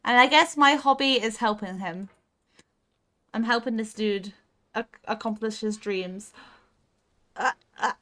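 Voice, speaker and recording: A woman's voice: on the high side, measured pace, pauses often, pushed and bright. A young woman streaming a game live, coaching herself through tense moves and chatting back to her viewers. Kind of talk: casual live gaming stream.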